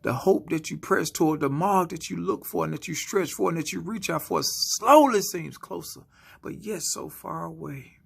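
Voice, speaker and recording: A man giving a spoken-word motivational sermon, slow and dramatic, often dropping into hushed whispers. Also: on the high side, vocal fry, breathy edge. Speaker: motivational speaker.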